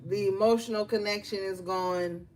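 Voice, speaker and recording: A woman's voice: medium pitch, fairly even intonation, normal speed, darkish tone, faint music behind. A woman doing a casual tarot reading, blunt and profane, telling stories between the cards she draws. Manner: blunt, profane, conversational with slang. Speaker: tarot reader.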